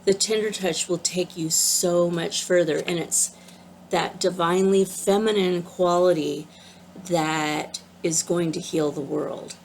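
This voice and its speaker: A woman spiritual teacher giving an earnest, gentle, casual talk about an oracle card. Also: on the low side, fairly even intonation, measured pace, slight background noise.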